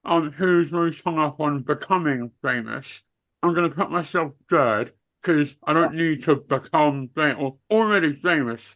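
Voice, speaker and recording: A man's voice: a little high, unhurried, fairly bright tone. A man, co-hosting a podcast, teasing friends bluntly in casual banter. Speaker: podcast co-host asking questions.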